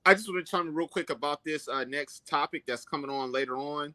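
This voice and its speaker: A man's voice: a little high, fairly quick, sharp tone, no echo. A man co-hosting a talk broadcast, speaking earnestly and calling his co-host brother. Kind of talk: casual talk show discussion.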